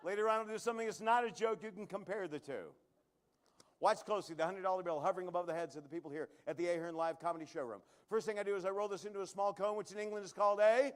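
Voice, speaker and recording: A man performing a live comedy magic act on a showroom stage, cracking jokes and chatting with the crowd as he does tricks. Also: high-pitched. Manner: joking, quick asides to the crowd.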